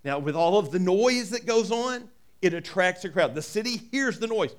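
A man's voice: high voice, animated, moderate pace. A man preaching a sermon in a folksy way, reading scripture and adding joking asides. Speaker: pastor.

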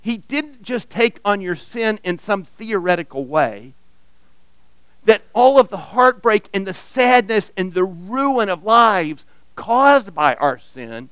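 A man preaching a sermon as pastor, earnest and expressive, often repeating a word as he restarts. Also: high-pitched, clear, resonant tone, no room sound. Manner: earnest, reads aloud expressively, repeats words when restarting.

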